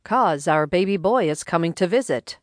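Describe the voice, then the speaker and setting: A woman's voice: on the low side, lively intonation, moderate pace, no room sound, natural voice. A woman voicing a grumbling, folksy older husband who talks in a dry, laconic drawl.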